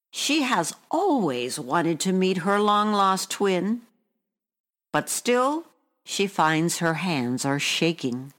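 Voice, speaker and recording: Slow, low-voiced woman reading a story.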